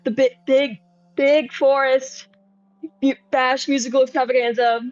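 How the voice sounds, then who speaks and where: A woman's voice: sits high, little pitch movement, measured pace, a little mellow, no room sound, highs cut off. A woman voicing a nervous, rambling young man in a tabletop game, talking hesitantly with lots of fillers. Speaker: player. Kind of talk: tabletop role-play in character.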